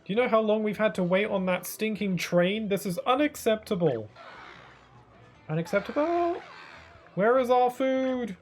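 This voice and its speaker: Grumpy little Toad diners, whiny and starving, griping loudly. A streamer voices them a bit higher than their own talk. Faint game music plays behind. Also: expressive, moderate pace, lightly acted. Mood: grumbling. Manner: whiny, complaining.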